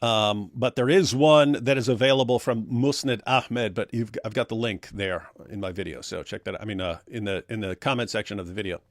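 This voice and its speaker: A man's voice: on the low side, brisk, hardly any pauses, dry recording, clean studio sound. A man co-hosting a casual livestream, reading viewer comments aloud, rambling and laughing at his own puns.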